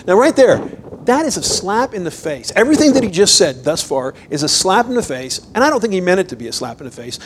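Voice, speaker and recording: Animated man preaching a sermon. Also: sits high, fast, slight background noise, low-quality recording. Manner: animated, conversational, rises to emphatic bursts. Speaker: pastor.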